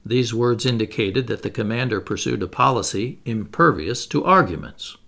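Man, audiobook narration, first person, gravelly, lively pitch. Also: moderate pace.

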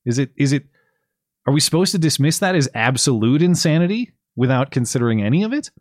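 A male podcast host delivering political commentary in a casual, sarcastic way. His voice sits at an ordinary middle pitch. The recording is dry and close, with no room sound. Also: expressive, fast, dry recording.

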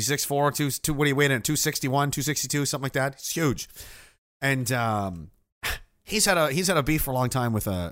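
A man's voice: mid-range voice, sharp tone, dry recording, clean studio sound. A man streaming casual rambling commentary, sardonic and laughing often as he trails off.

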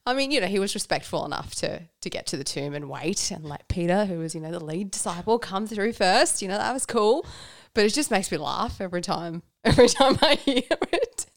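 A woman's voice: medium pitch, animated, fairly quick, few pauses, no echo, studio quality. A woman speaking candidly and reflectively in a casual conversation about her faith, often laughing and using fillers. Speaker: guest.

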